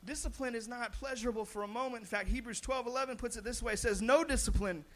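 A young pastor with a very high voice preaches fast and animatedly. His sermon is marked by frequent restarts and repeated words, with his voice swelling loud on his points.

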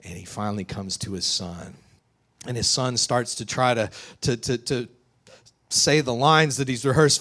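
A man preaching a sermon, retelling a story in a lively, vivid way. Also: mid-range voice, moderate pace. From West Texas. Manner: animated, vivid retelling with acted quotes. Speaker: pastor.

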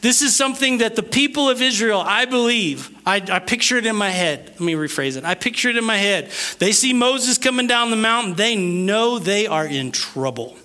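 A male preacher with a bright, forceful voice delivers an emphatic sermon. He moves between loud, punchy declarations and quiet asides, and acts out the scripture with voices. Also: high-pitched, lively intonation, normal speed, hardly any pauses. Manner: dramatizes scripture with acted voices. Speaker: pastor.

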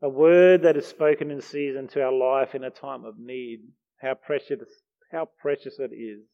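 A man's voice: mid-range voice, steady tone, moderate pace. A man preaching a heartfelt, earnest sermon. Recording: dull lo-fi recording.

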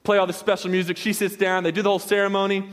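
This young pastor speaks very fast in a high, flat voice, with a long reverb tail hanging after him. His sermon is a story told in a casual, meandering way, peppered with slang and many false starts.

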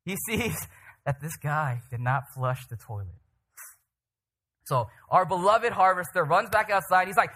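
A man preaching a sermon, telling stories in an animated way and often checking in with the listeners. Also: high voice, moderate pace. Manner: animated, checks in with "right?" and "okay?". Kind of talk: sermon with storytelling.

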